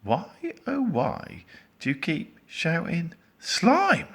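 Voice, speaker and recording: A man's voice: medium pitch, very animated, a little slow, breathy edge, voice pushed up, full character voice. A man voicing a spiteful grown male toy-shop owner who shrieks in indignation, reading a storybook aloud. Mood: exasperated.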